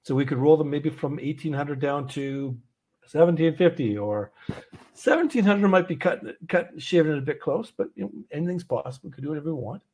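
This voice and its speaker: Husky man hosting a trading call. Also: on the high side, a little fast, a little mellow. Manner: conversational, many fillers, poses questions to audience. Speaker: trading community host.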